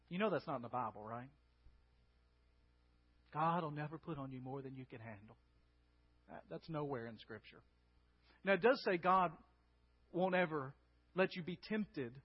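A male pastor preaching with a high, conversational voice that keeps checking in with his listeners. The recording is dull and lo-fi, with a long echo from a large hall. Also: slightly rough. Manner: conversational, asking the crowd "right?". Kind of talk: sermon.

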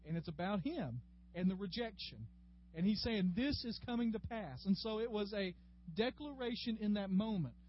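A man's voice: sits high, animated, normal speed. A man teaching a conversational Bible class, chatty and folksy, calling on class members by name. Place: classroom with a group. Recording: dull lo-fi room recording with faint hum.

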